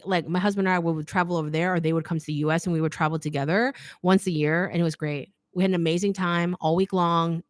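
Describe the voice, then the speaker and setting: A middle-aged woman hosting a casual livestream Q&A, reading comments aloud, chatty and quick to laugh, saying "like" a lot. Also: fairly low pitch, no room sound. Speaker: fashion YouTuber hosting a live Q&A.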